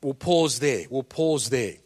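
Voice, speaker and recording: A male preacher delivering an animated, story-filled sermon, often repeating words as he starts a thought. His voice is bright and sits somewhat high. It rings with the long reverb of a large hall. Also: moderate pace.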